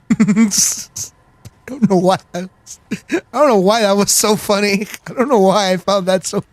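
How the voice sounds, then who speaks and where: A man's voice: high voice, dry recording. A man chatting casually while playing a game, rambling with lots of fillers and giggling. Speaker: gaming streamer. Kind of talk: casual gameplay chat.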